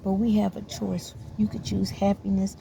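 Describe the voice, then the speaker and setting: A woman's voice: medium pitch, completely flat delivery, normal speed, gravelly, dark tone. A woman vlogger speaking in a casual, earnest, encouraging monologue, calling listeners baby and honey, with loose, repetitive phrasing and many fillers. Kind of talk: casual talking-to-camera monologue.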